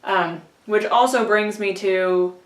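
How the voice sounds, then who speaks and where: A woman's voice: mid-range voice, steady tone, slow pace. A woman vlogging casually about her audiobook reading, chatty and self-deprecating, laughing often. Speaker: book vlogger and audiobook reader. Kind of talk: casual rambling vlog. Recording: echoey room, voice a bit far from mic.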